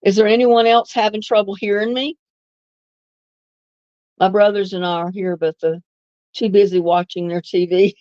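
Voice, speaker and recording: A woman's voice: mid-range voice, level tone, moderate pace, pauses often, darkish tone, dry recording, muffled recording. A woman hosts a casual live stream, chatting easily with viewers and laughing often. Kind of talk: casual live chat answering viewer comments.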